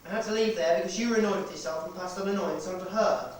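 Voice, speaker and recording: A man rehearsing a stage play as a stern police inspector, questioning in a measured, relentless way. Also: high-pitched, distant mic, lightly acted. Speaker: amateur stage actor. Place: rehearsal hall. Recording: echoey hall recorded from afar, noisy.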